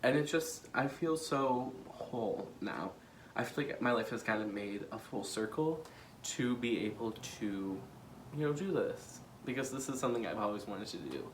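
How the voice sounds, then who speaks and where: This young adult from the United States, a vlogger running for political office, has a mid-range voice with lively intonation and a moderate pace. In his casual vlog he laughs, fights back tears, and fills his speech with fillers, over a faint hiss or hum.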